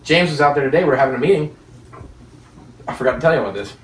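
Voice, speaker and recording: A man's voice: mid-range voice, expressive, racing, slight background noise. A man preaching a sermon, telling stories with rhetorical questions and chuckles between points. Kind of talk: sermon with storytelling. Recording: echoey room, distant mic.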